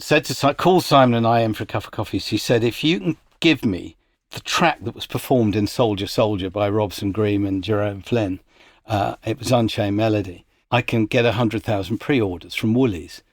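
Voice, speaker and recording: A man's voice: fairly low pitch, no echo, clean studio sound. A man who works as a music industry executive, telling stories as a podcast guest and livening up when he quotes others. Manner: anecdotal, animated when quoting others. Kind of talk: casual storytelling interview.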